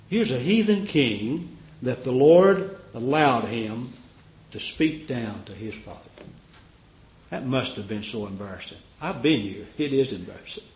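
Fervent preacher man, echoey lo-fi recording. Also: slight background noise. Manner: fervent, rising to loud cries then dropping low; acts out the voices of Bible figures he quotes. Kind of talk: sermon.

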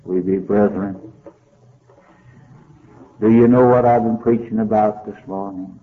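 An older man preaching a sermon, telling a story with passion and wide swings of pitch. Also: steady tone, a little slow. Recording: tinny phone-like old tape.

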